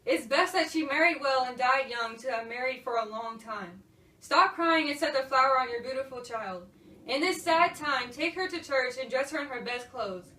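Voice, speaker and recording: A woman's voice: sits high, lively intonation, moderate pace, bright, forceful tone. Teen girl playing a consoling priest. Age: teens. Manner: firm, consoling preaching. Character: calm consoling male priest. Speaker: student actor. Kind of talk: amateur school play. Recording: echoey room, from far off.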